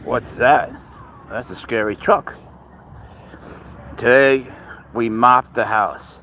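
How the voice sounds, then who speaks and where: A man's voice: mid-range voice, takes it slowly, bright, forceful tone, slight background noise, rough recording. A man hosting a casual live stream outdoors on a walk with his cat, rambling easily through viewer questions and baby-talking his pet. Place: outdoors on a walk near a road.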